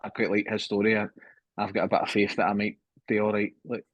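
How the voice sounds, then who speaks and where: A man's voice: on the low side, completely flat delivery, fast, fairly bright tone, husky, dry recording, rough recording. A man in his thirties talking candidly as a podcast guest, swearing freely and calling his host mate, heard through a phone. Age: 30s. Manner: candid, swears often, keeps saying mate. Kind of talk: casual conversation.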